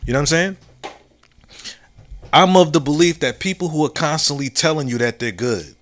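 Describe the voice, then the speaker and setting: Bright-voiced man musing on a podcast. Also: fairly high pitch. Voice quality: laid-back, drawn-out phrasing with slang and restarts. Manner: reflective, repeats key phrases, asks "you know what I'm saying?". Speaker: podcast host. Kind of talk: casual solo monologue.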